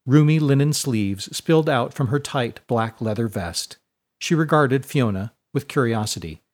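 A man narrating a serialized adventure story in a calm, measured way. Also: mid-range voice.

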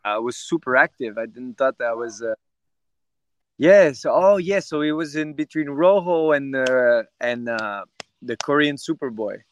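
Animated, profane man telling fight stories. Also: mid-range voice, normal speed, dry recording. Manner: animated, profane, rambling with restarts. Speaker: guest fighter. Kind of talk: casual interview storytelling.

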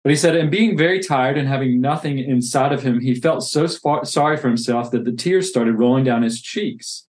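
A man's voice: medium pitch, moderate pace, few pauses, a little mellow. A man who plants churches reads from a classic novel and reflects earnestly on faith. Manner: earnest, reflective, with many restarts.

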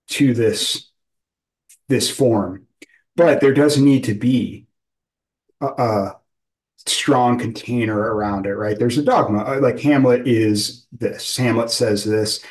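A man's voice: mid-range voice, a little mellow, poor audio. A man interviewing a guest, talking loosely and searching for words, with many fillers. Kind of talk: casual conversational interview.

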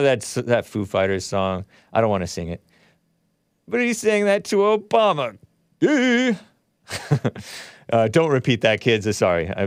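A man's voice: on the low side, clean tone, dry recording, studio quality. A man hosting a livestream show, reading viewer chats aloud and giving blunt, opinionated commentary as he thinks aloud.

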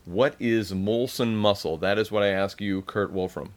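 A man's voice: fairly low pitch, moderate pace. Laughing man quizzing his co-host. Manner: playful quizzing, laughs often. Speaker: podcast co-host. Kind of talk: casual comedic chat.

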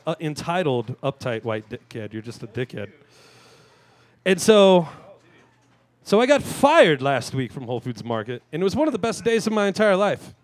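A man in his thirties hosting a live talk show, delivering a crude, self-mocking comic monologue with sudden shouted rants. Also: fairly high pitch. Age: 30s. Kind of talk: stand-up style monologue. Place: live venue stage.

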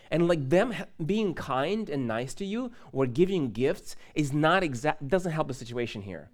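With a fairly high voice and hardly any pauses, a young pastor moves at a moderate pace through a personal story in church. The sermon is conversational, and his animated telling includes laughs, asides, and questions aimed at the congregation.

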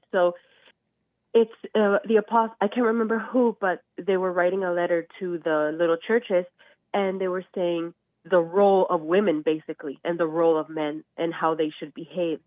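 A woman's voice: lowish voice, normal speed, no echo. Nasal-sounding sick woman on a phone line. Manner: animated, acts out quotes with laughs. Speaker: caller. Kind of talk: call-in discussion. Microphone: phone call.

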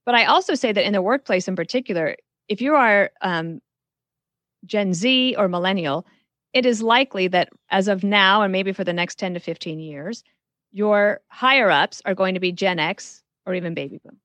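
A woman's voice: medium pitch, moderate pace, a bit bright, no echo. A woman guest on a podcast interview, frankly giving career advice and telling stories from her work. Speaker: guest author.

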